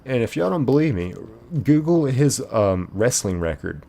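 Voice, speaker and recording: A man's voice: mid-range voice, sing-song, moderate pace, vocal fry, dark tone. A man hosting a live stream in casual chat, reading viewer comments aloud and answering them in a rambling way, full of filler "like"s.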